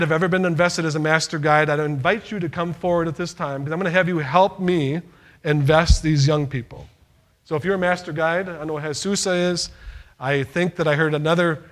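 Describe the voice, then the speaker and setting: A man's voice: a little high, a bit bright. A man leading a church youth award ceremony as youth leader, speaking in an upbeat, encouraging, folksy way.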